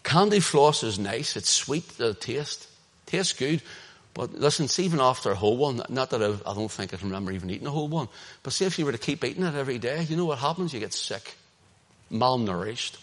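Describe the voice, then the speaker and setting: A man with a Northern Irish accent preaching an impassioned sermon, swinging between loud emphasis and hushed asides. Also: mid-range voice, lively intonation, fairly quick. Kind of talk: sermon, streamed online.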